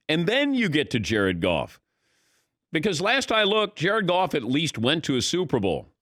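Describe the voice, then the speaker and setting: A man's voice: mid-range voice, a bit bright, dry recording, studio quality. A man hosting a sports talk radio show, giving conversational, opinionated commentary.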